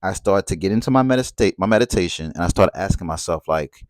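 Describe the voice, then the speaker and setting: Low-voiced man musing aloud. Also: expressive, fast, no echo, studio quality. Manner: conversational, asks rhetorical questions and checks in with "right?"; repeats phrases for emphasis. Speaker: speaker on relationships and spirituality. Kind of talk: reflective spoken monologue.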